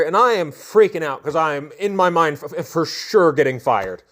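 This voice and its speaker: Animated young man telling a story. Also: sits high, brisk, hardly any pauses. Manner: animated, self-deprecating, comic storytelling. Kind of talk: casual storytime vlog.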